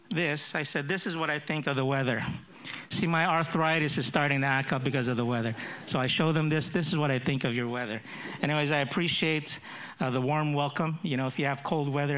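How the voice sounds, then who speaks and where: Brief: fifties male pastor, Filipino accent with American touch, slightly higher voice, self-deprecating humor. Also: a bit bright. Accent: Filipino with American influence. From Philippines. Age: 50s. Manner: self-deprecating jokes, repeats words when starting. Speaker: associate pastor. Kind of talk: sermon with prayer and humorous introduction.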